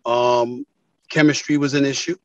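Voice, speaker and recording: A man's voice: fairly even intonation, moderate pace, a little mellow, no echo, highs cut off. A man, a sports TV commentator, talking in an interview and telling stories with emphasis, acting out quoted phone calls. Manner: emphatic, acts out quoted calls with big pitch swings. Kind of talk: animated interview storytelling.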